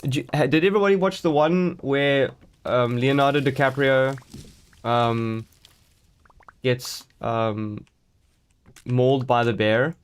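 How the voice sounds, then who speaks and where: A man's voice: mid-range voice, slow pace, long pauses, clear, resonant tone. A man chatting live to his viewers while playing a game, rambling and joking as he goes, greeting people in chat. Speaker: streamer.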